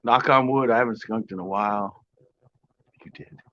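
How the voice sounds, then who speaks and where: A man with a fairly low voice hosts a live fishing stream from his porch. He chats casually with viewers and reads their comments aloud, joking and sarcastic and laughing often. The audio is dull and lo-fi. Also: normal speed, a bit bright.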